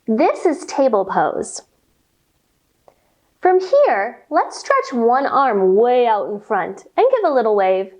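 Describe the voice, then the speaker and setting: A high-voiced woman leads a children's yoga class and walks the kids slowly through each pose. Her pitch swoops up and down with playful, sing-song cheer. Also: sing-song, a little mellow. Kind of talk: guided kids' yoga class.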